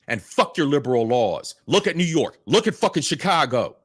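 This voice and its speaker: A man's voice: a little high, sing-song, moderate pace, hardly any pauses, a bit bright, breathy edge, no echo, studio quality. A man hosting a reaction video, ranting angrily with heavy profanity. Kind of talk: angry ranting commentary.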